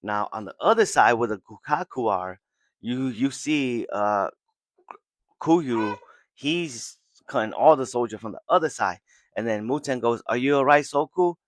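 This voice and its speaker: A man in a relaxed podcast recap, walking through an anime episode beat by beat. His voice sits mid-range and is recorded dry and close, with no room sound. He slips into quick impressions of the characters as he goes. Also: mid-range voice, no room sound. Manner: retells scenes, briefly acting out characters' lines. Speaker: podcast host.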